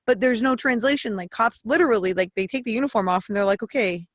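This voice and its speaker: A woman's voice: fairly high pitch, fast, dry recording, clean studio sound. A woman hosting a podcast in casual interview chat, frank and rambling, swearing freely as she talks. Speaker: podcast host.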